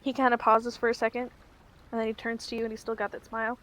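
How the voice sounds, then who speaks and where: A woman's voice: a little high, completely flat delivery, quick pace, fairly bright tone. A woman running a tabletop game as game master. She narrates in a rambling way, with lots of ums and restarts.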